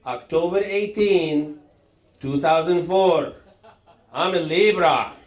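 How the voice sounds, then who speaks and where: A man in his sixties, hosting and telling rambling stand-up comedy stories, jumping to a higher voice for quoted lines. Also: slow, muffled recording, a little hiss or hum. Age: 60s. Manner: rambling, animated, jumps up high for acted quotes. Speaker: comedian host. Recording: roomy echo.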